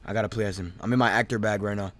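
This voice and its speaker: A man's voice: lowish voice, fairly even intonation, very fast, dry recording. A man doing casual, slangy commentary over a life-simulation video game. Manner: slangy, laid-back, jokey. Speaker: gaming streamer.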